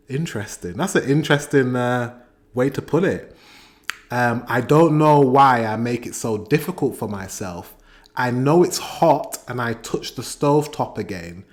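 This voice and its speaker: A man's voice: mid-range voice, measured pace. British man casually reacting to music. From Britain. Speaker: reaction video host.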